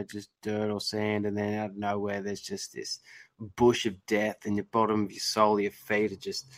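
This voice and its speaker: An Australian man hosting a podcast in a laid-back, chatty way, with casual swearing. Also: fairly low pitch. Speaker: podcast host. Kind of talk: casual chat.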